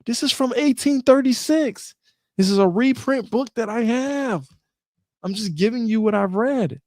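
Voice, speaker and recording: A man hosting a casual live talk, reading passages from an old book aloud and commenting in an animated way, repeating himself and joking. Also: extremely high pitch, unhurried, no room sound, clean studio sound. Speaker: host.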